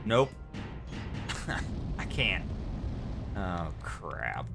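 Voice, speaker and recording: A man streaming a game live, muttering to himself with frustrated sighs and sudden loud outbursts. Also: low-pitched, big pitch swings, drawn-out words, creaky, over music. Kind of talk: live gameplay commentary.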